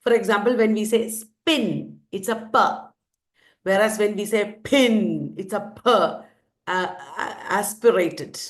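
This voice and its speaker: A woman's voice: medium pitch, fairly even intonation, normal speed. A woman teacher with an Indian English accent, quizzing her students and repeating the answers emphatically. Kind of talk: lecture with questions to students.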